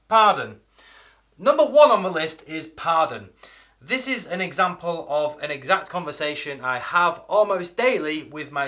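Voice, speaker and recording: A middle-aged British man with a British English accent, teaching an energetic English video lesson and acting out examples with shifting intonation. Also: fairly high pitch. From Britain. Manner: lively, acts out examples with changing intonation.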